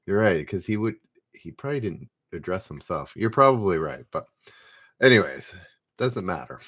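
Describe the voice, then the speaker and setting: A man's voice: deep voice, animated, moderate pace, fairly bright tone. A man hosting a live trivia stream, reading questions aloud and chatting easily with viewers in the chat, laughing often. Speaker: trivia game host.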